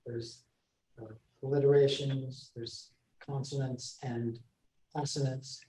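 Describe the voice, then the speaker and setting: Slow, mellow man teaching a class. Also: medium pitch, little pitch movement. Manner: halting, with many fillers and restarts, checking in with listeners. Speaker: presenter teaching a library class. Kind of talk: classroom talk on reading verse aloud. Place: library meeting room, indoors. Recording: echoey room, voice from far off.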